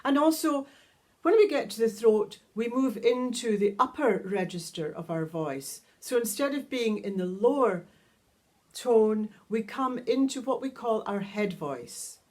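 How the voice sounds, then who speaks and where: A woman teaching a guided vocal toning lesson, calmly explaining each step and singing long vowel tones. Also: fairly high pitch, unhurried. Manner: calm, instructive, demonstrates sustained vowel tones. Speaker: sound healing teacher.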